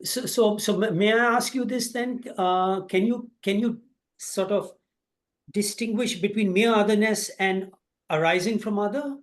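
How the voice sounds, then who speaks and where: Male student, halting and searching for words, pushing a question to the teacher. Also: high voice, steady tone. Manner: hesitant, many fillers and restarts, pressing a question. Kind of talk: asking questions in class.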